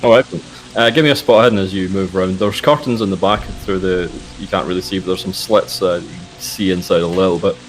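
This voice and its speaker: Low-voiced man running a horror game. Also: quick pace, soft background music, low-quality recording. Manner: relaxed, hesitant with frequent uhs. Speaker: game master. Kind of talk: narrating a tabletop horror game.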